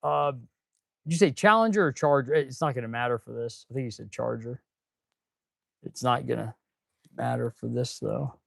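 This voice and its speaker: A man's voice: mid-range voice, moderate pace, creaky, long pauses, no room sound. A laid-back male mechanic talks casually to his live viewers while working in a repair shop. His voice sits in an ordinary middle range, and the sound is close and dry. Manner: laid-back, chatty, talking to viewers, says "dude" and "man". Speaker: auto mechanic and channel host.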